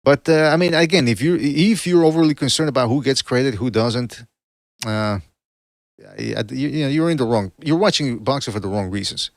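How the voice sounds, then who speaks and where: A man's voice: mid-range voice, brisk, no room sound. Rambling male boxing podcast host, dry sound. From Canada. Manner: rambling, self-correcting, chatty. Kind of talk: casual livestream commentary.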